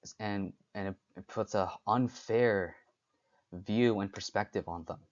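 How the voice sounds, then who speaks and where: Young man, solo podcast talk, halting delivery, fairly low voice, muffled lo-fi sound. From United States. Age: young adult. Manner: halting, frequent restarts and fillers. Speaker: podcast host. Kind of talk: unscripted solo talk on stereotypes.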